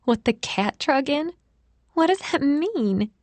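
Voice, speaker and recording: A woman's voice: sits high, animated, slow pace, darkish tone, no echo, pitched above the performer's own voice. A woman reading an audiobook voices a worried, chatty young woman missing her boyfriend. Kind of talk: audiobook character voice.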